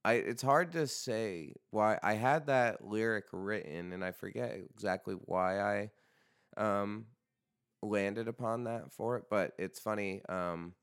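A man's voice: fairly low pitch, slow pace, clear, resonant tone, no room sound, clean studio sound. A man hosting a podcast in casual chat, rambling and joking with frequent swearing. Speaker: podcast host.

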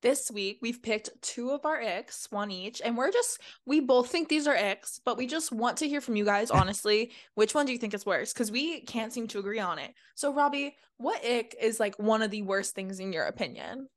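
A young woman co-hosts a casual podcast with a slightly high voice. She rants bluntly and swears freely, keeping it loose and chatty. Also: lively intonation, normal speed, hardly any pauses. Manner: blunt, profane, ranting. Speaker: podcast co-host.

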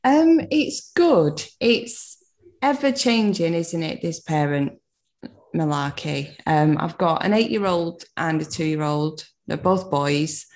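A woman's voice: sits low, animated, takes it slowly, darkish tone. A woman from the UK in her thirties, chatting casually as a podcast guest, laughing often and swearing lightly. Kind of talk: casual chat.

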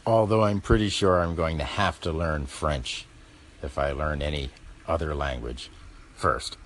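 A man's voice: extremely low pitch, unhurried, a bit bright, a little hiss or hum. A man hosting a call-in radio show, rambling and chuckling wryly as he talks. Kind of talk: casual call-in talk.

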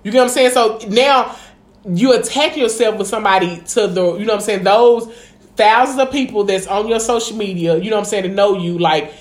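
With a medium-pitched voice and a slightly quick pace, this woman chats casually on a podcast as co-host. Her speech is sprinkled with swearing and "you know what I'm saying," captured in a room with echo.

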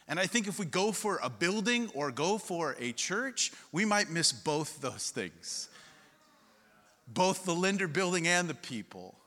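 Male pastor, middle-aged, sermon in a big echoing hall, bright forceful voice. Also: on the high side. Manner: storytelling, rising to emphatic repetition. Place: church hall. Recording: long hall reverb.

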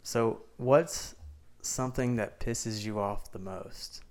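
A man's voice: mid-range voice, takes it slowly, a little mellow. A man in his twenties from Mississippi with a Southern accent, chatting bluntly and casually as a podcast co-host. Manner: laid-back, blunt, swears freely.

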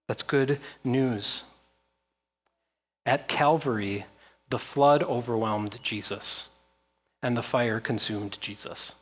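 A man's voice: mid-range voice, steady tone, slow, long pauses, slightly rough. A man preaching a sermon as pastor, reading scripture aloud with rising intensity and repeating phrases.

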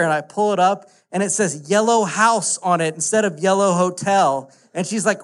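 Animated man telling a sermon story. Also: high-pitched, brisk. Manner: casual, animated storytelling with filler "like". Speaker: pastor.

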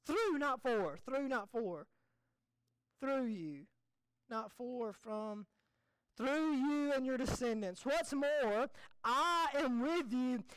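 A male pastor with a strikingly high, smooth voice, preaching in an easy, joking way. He slips into quick acted-out lines as he talks, and the sound is close and dry. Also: no room sound, poor audio. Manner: conversational and joking, with acted quotes. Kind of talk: sermon.

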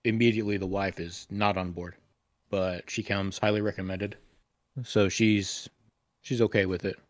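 A man with a fairly low voice co-hosts a casual podcast, rambling and cursing as he recounts a story. The sound is dry and close, with little room echo. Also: level tone, normal speed. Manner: crude, rambling retelling with profanity. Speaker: podcast co-host.

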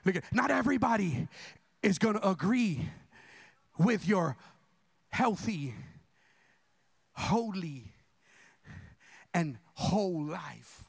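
A male pastor preaching a sermon, fervent and colloquial, moving between hushed talk and shouted declarations. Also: high-pitched, expressive, slow, gravelly, pauses often, husky, dry recording.

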